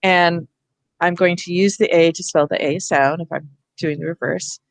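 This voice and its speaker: A woman's voice: on the low side, fairly even intonation, moderate pace, no room sound. A woman leads teachers through a reading workshop over a video call, explaining patiently step by step.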